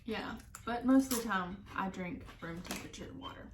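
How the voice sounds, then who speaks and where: A woman's voice: medium pitch, normal speed. Easygoing woman eating and chatting, echoey room, bit of hiss. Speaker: co-host of a food vlog. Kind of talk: casual mukbang chat while eating. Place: indoors at a table, eating. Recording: echoey room with faint noise.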